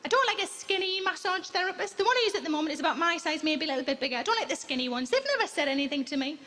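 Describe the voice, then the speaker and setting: A woman, telling stand-up stories in a deadpan way, with flat quoted voices, in a theatre with loud audience laughter. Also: sits high, racing. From England. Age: 40s. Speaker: stand-up comedian. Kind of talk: stand-up routine. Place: large theatre stage. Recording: live theatre recording with loud crowd.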